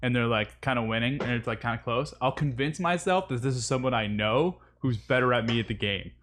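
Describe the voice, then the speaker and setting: A man on a casual gaming podcast, chatty and quick to laugh, acting out what people said. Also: medium pitch, fairly bright tone, a little hiss or hum. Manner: chatty, laughs often, acts out quotes. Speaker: podcast co-host.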